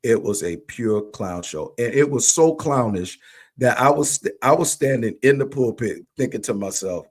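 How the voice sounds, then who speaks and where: Man with an average-pitched voice who tells a story with animation and voices the quoted speakers. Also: lively intonation, moderate pace. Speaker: church leader telling a story. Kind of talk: livestream conversation. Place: remote livestream call.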